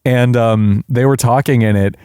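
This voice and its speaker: A man hosts a relaxed movie review chat, animated and quick to break into impressions. His voice sits in a middle range and is recorded dry and close. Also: mid-range voice, clear, resonant tone, no echo. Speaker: podcast host, movie reviewer. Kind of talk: casual chat.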